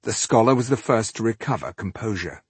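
A man narrates an audiobook at a measured, even pace. His voice is low and husky, recorded close and dry with no room sound. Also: no room sound.

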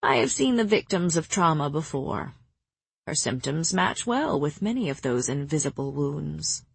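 A woman voicing an ancient female healer who speaks slowly with blunt, quiet firmness. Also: low voice, sing-song, creaky, slightly rough, no room sound, full character voice. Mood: grave. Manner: slow, measured, quietly firm.

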